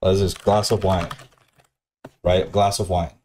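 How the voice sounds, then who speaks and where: A man's voice: low voice, level tone, a little slow, mellow, slight background noise. A man telling a long, rambling anecdote, repeating himself and swearing, often acting out what others said. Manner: repetitive, profane, restarts often, mimics others.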